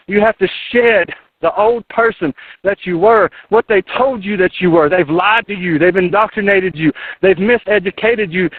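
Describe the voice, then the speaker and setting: A man in his thirties from North Carolina, preaching in a fired-up, driving way as a radio guest and hammering each point through repetition. His voice sits high for a man. It comes through a thin, dry phone line. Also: no echo. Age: 30s. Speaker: internet radio host, guest. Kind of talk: impassioned guest talk on a call-in radio show. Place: outdoors in his yard.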